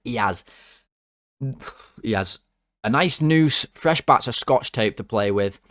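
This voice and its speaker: Male fan-channel host, mid-pitched, excitable and rambling, dry close sound. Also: slow, no room sound. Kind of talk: casual player-ratings commentary.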